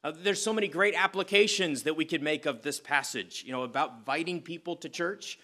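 A man's voice: on the high side, a little fast, bright, forceful tone. A man preaching a sermon as pastor, reading scripture and praying, conversational with frequent "uh" fillers.

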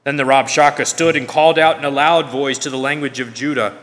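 A man reading scripture aloud in a measured, emphatic way, now and then correcting himself. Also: medium pitch, steady tone, a bit bright. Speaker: scripture reader. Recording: long reverb of a large hall.

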